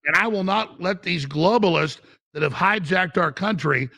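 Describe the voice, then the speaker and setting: Guest: gravelly, bright-edged middle-aged man, fiery, stammers through restarts. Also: high voice, moderate pace, no echo. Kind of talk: impassioned political talk.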